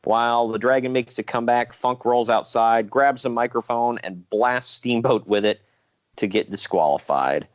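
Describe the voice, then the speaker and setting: A man with a middle-pitched voice talks through old wrestling matches in a loose, rambling podcast chat. He leans on fillers and restarts as he recaps. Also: normal speed, muffled recording. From Ohio. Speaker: podcast co-host.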